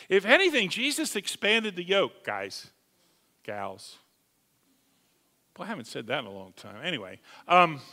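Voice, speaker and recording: A man preaching a sermon emphatically, rising to loud calls and dropping to hushed asides. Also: high-pitched. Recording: long hall reverb.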